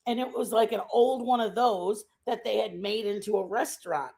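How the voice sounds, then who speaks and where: A woman streaming a casual chat, telling a rambling travel story in an animated way and laughing often. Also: mid-range voice, normal speed, creaky. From Texas. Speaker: stream host.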